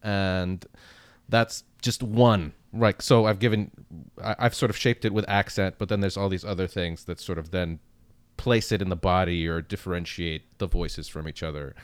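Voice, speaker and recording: A man's voice: sits low, fairly even intonation, normal speed, smooth, dry recording. A male voice actor in casual conversation, talking animatedly and demonstrating as he explains his craft. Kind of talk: casual chat.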